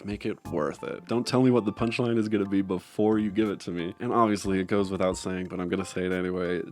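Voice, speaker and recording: A man's voice: low-pitched, a little mellow. A young man critiquing a stand-up set in a dry, sarcastic commentary. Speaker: video essayist and critic.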